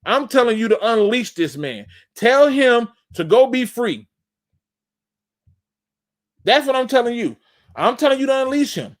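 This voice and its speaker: A man's voice: extremely high pitch, big pitch swings, a little slow, pauses often. A man hosting a live sports talk show, emphatic and fired-up, breaking down game film and talking straight to his audience. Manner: addresses the audience as "y'all". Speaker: host.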